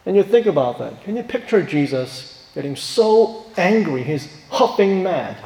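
A man's voice: high voice, sing-song, a little slow, warm tone. A man preaching a sermon with emphasis and rhetorical questions. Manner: emphatic, rhetorical questions, acts out quoted voices. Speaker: pastor. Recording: roomy hall with long reverb.

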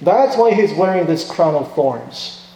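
A man preaching a sermon as a pastor, impassioned, swinging from hushed lines to loud outbursts. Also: on the high side, animated, measured pace, creaky, a little hiss or hum. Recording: echoey hall with long reverb.

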